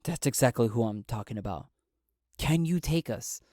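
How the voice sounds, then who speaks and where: A man narrating a solo tabletop game and voicing a calm, persuasive male rebel who negotiates diplomatically. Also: mid-range voice, no echo, clean studio sound, close to an everyday voice. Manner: measured, diplomatic.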